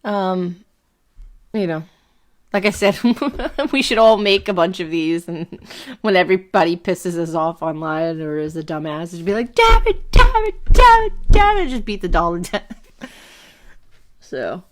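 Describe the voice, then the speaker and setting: A woman with a Brooklyn accent chats loosely with her viewers on a home live stream. Her voice sits somewhat low for a woman, and she rambles, swears freely and laughs a lot. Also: measured pace, pauses often. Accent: Brooklyn New York. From Brooklyn, New York. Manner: chatty, rambling, swears casually, laughs often. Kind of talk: casual live stream chat.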